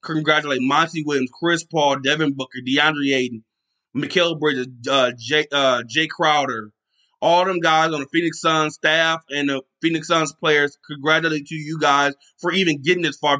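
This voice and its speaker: A man hosting his own podcast in casual sports talk, excited and rambling, often restarting his sentences. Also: a little high, normal speed. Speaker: podcast host.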